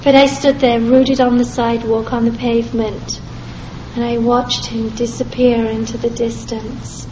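High-voiced woman telling her story in a hall. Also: unhurried, slight background noise. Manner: animated storyteller acting out both sides of conversations. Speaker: former Christian minister telling her story. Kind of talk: personal testimony told to a live audience. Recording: echoey hall, dull lo-fi sound.

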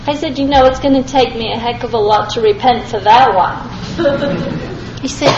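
A middle-aged woman and former minister giving a lively personal testimony to an audience, acting out both sides of her conversations. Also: fairly high pitch, moderate pace, noisy background. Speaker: former Christian minister telling her story. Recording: echoey hall, dull lo-fi sound.

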